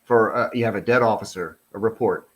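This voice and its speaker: A man's voice: on the low side, fairly quick, lo-fi sound. A middle-aged man, a retired police officer, giving casual, blunt and profane commentary while reading through a report. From United States. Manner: blunt, profane, animated and heated.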